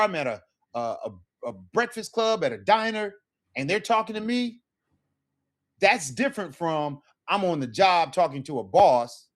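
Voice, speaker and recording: A man teaching a casual Spanish lesson, talking loosely and checking in with "right?" as he acts out sample phrases. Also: high-pitched.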